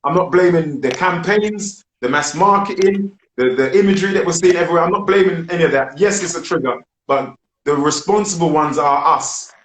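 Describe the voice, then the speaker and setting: A man's voice: on the high side, a little fast, few pauses, a bit bright. A British man hosting a group discussion, speaking emphatically and asking rhetorical questions. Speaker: discussion host. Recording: roomy with faint noise.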